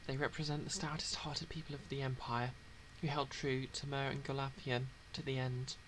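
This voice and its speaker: A man streams a game, reading its text aloud with casual, wry asides in a mid-range voice. A steady background noise runs under him. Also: medium pitch, normal speed, rough recording.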